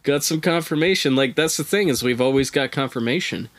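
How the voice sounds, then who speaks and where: A man's voice: medium pitch, fairly quick, no room sound. A man who is a podcast guest, telling a strange story in laid-back, casual chat with profane, wry asides.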